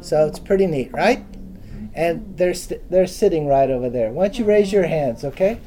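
A man teaches from the Bible to a small gathering in a loose, conversational way. His voice is mellow and dark, and he keeps turning to the listeners with questions. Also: a little high, animated, normal speed, a little hiss or hum. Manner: casual, chatty, asks the audience questions. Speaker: preacher. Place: room with a small live audience.

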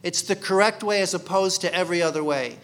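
A man's voice: high voice, quick pace, a bit bright. Conversational man teaching a sermon. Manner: conversational, asks the congregation questions. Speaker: Bible teacher.

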